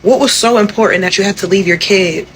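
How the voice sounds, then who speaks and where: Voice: medium pitch, fairly quick, fairly bright tone, slight background noise, rough recording. A speaker reacting with outrage in a commentary video and firing off rhetorical questions.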